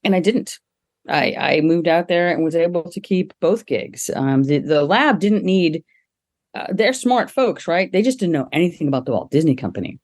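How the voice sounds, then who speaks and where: A middle-aged woman, a guest on an interview podcast, telling lively stories and laughing often as she talks. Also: normal speed. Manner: lively, acts out quoted people with jumps in pitch. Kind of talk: casual interview storytelling.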